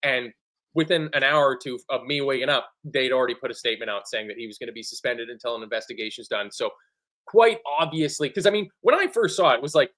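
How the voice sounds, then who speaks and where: A man co-hosting a football fan show in casual chat, animated and sweary, often acting out other people's lines. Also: mid-range voice, fast talker. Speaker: football podcast co-host.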